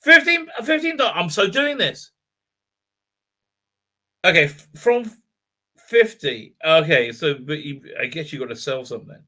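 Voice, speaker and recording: A middle-aged man chatting on a live stream, rambling from one comment to the next with plenty of ums and laughs. His voice is very bright and a little high for a man, and it jumps up when he gets excited. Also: unhurried, long pauses. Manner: excitable, rambling, laughs often, many fillers. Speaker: livestream host reading chat. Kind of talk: casual live chat.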